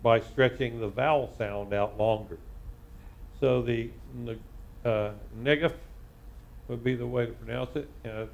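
A man teaching a live Torah class as a rabbi, reading Hebrew word by word and translating it with frequent pauses. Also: medium pitch, fairly even intonation, vocal fry, darkish tone, dull audio, slight background noise. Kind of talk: live Bible study lesson.

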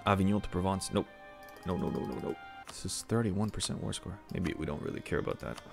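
A man with a low, gravelly voice talks through a strategy game in a casual, chatty way. He mutters to himself, then breaks into excitable outbursts. Soft music plays faintly underneath. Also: brisk. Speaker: strategy game let's-player. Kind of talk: casual gameplay commentary.

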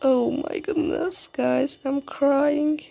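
Gushing high-voiced woman gaming vlogger. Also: fairly even intonation, slow pace, vocal fry, mellow. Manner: gushing, repeats exclamations. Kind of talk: excited game commentary. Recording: music playing under the voice.

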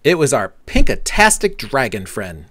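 A man reading a children's storybook aloud in a soft, unhurried narrating voice. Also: mid-range voice, sing-song, dry recording. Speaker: storybook reader.

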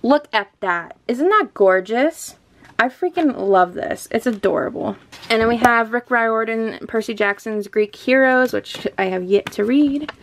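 In a casual book vlog, a young woman shows her bookshelves at home, chatty and gushing with frequent laughter. Her fairly high voice is animated and unhurried.

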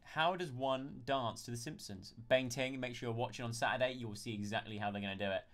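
A man's voice: medium pitch, fast talker, fairly bright tone. Chatty man live-streaming. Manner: chatty, thanks viewers by name. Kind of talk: casual live-stream chat.

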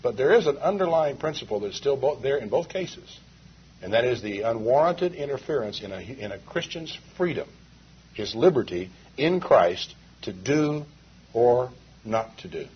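Male preacher, husky voice with a rising and falling pitch, emphatic sermon, old muffled tape. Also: lively intonation, moderate pace. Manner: emphatic, asks rhetorical questions. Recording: dull lo-fi 1980s sermon tape.

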